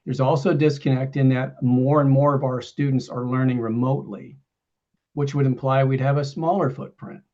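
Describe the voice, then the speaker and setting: A committee member who speaks haltingly and thoughtfully as he poses a question, with restarts. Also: mid-range voice, fairly even intonation, warm tone, highs cut off. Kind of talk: meeting question.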